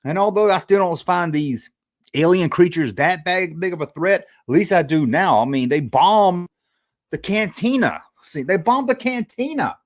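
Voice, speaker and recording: A man hosts a casual livestream review with a slightly high voice. He rambles from thought to thought, stopping to read messages from his viewers' chat. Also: lively intonation, moderate pace. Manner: rambling, reading chat aloud. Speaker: livestream host.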